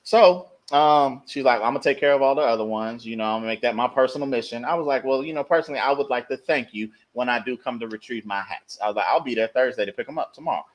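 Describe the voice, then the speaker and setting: Lively man telling a story on a podcast. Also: medium pitch, fast talker, hardly any pauses. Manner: animated, acts out quoted dialogue. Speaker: podcast co-host. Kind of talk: casual storytelling chat.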